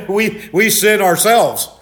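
Loud, animated older male preacher. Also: high-pitched, slow pace. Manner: loud, animated storytelling with many restarts. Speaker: pastor. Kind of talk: Bible study sermon.

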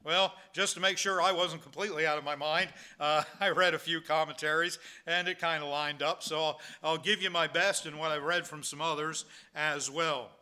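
A man's voice: fairly high pitch, steady tone, normal speed, hardly any pauses, pushed and bright, clear, resonant tone. A man preaching a sermon in a conversational way, asking rhetorical questions and restarting his sentences. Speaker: pastor.

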